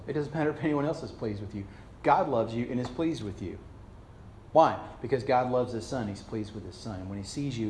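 A male pastor preaching a sermon emphatically, swinging between raised lines and hushed ones. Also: medium pitch, echoey room, a little hiss or hum.

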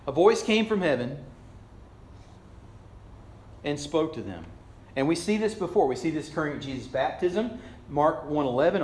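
A male pastor preaching a sermon emphatically, swinging between raised lines and hushed ones. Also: mid-range voice, echoey room.

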